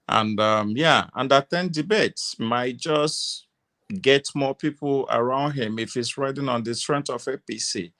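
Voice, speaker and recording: A man's voice: medium pitch, a bit bright. A man giving his view on an online panel, hesitant with restarts and fillers.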